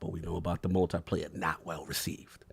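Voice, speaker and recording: A man's voice: low-pitched, level tone, a little fast, gravelly, husky. A man, talking emotionally and in slang as a podcast co-host. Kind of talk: casual podcast chat.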